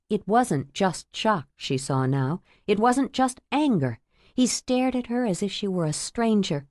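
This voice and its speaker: A woman narrating a romance novel audiobook in a measured, intimate storytelling manner. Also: medium pitch, very animated, a little mellow, no room sound, studio quality.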